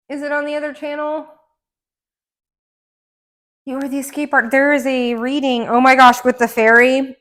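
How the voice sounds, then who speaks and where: A woman giving a casual tarot card reading at home, rambling and excitable, with gasps and laughs between her thoughts. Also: sits high, moderate pace, long pauses. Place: indoor room. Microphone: camera mic.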